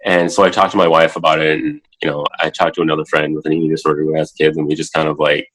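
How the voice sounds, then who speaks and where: Low-voiced man in his thirties, halting. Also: breathy edge, rough recording. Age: 30s. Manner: halting, heavy with filler words, animated when quoting himself. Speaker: podcast guest. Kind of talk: casual interview talk. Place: home, in a child's room.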